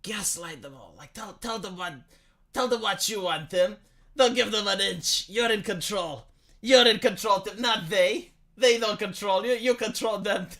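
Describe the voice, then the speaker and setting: A man's voice: sits high, moderate pace, sharp tone, pitched above the performer's own voice. A man doing a pushy evil AI voice. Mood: urging. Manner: insistent, urging. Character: scheming evil AI voice egging a man on.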